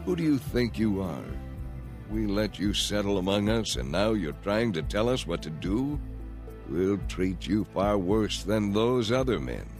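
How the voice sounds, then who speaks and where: A man voicing an aggressive mob of city men who shout threats in a storybook reading. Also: fairly low pitch, very animated, measured pace, soft background music. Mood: hostile.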